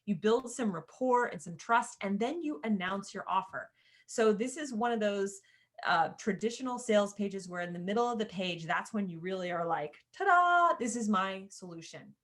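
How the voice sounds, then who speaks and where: A woman's voice: medium pitch, moderate pace. A woman teaching a screen-share tutorial, in a chatty way with casual asides, often calling her viewers "you guys.". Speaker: course creator teaching sales page design.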